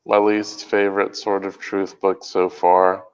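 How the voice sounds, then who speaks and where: A man's voice: low-pitched, completely flat delivery, a little slow, clean tone, highs cut off. A man co-hosting a podcast, chatting casually and rambling with lots of fillers. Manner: rambling, hesitant, many fillers. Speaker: podcast co-host. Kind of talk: casual chat.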